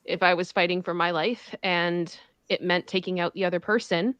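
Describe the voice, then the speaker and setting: A woman co-hosting a casual livestream chat, earnest, firm and measured. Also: lowish voice, steady tone, a bit bright, smooth, dry recording. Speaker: co-host.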